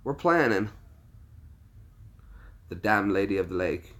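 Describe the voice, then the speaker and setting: A man's voice: on the low side, lively intonation, takes it slowly, long pauses, a bit bright. A man from the United States hosting a casual livestream, jokey, laughing easily and chatting with viewers. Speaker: livestream host.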